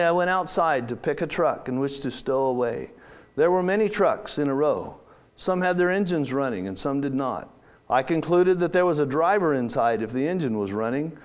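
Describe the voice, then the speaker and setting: Man, slightly high voice, first-person story reading, slow, dramatic pauses, church storyteller.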